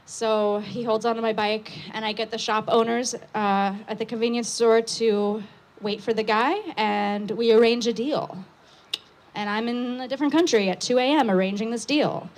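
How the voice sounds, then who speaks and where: A young woman on an outdoor patio stage, telling a story into a microphone, loud and excitable with lots of fillers. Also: on the high side, moderate pace.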